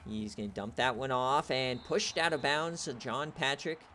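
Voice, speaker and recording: A young man giving play-by-play commentary on a video game football stream, excitable and shouting on big plays. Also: mid-range voice, moderate pace, a little hiss or hum. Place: home setup, streaming.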